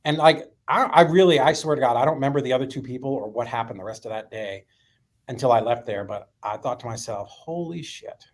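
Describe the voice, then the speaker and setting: Animated, swearing male storyteller. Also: medium pitch, fast talker. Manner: animated, profane, filler-heavy storytelling. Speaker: guest. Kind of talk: storytelling in a podcast interview.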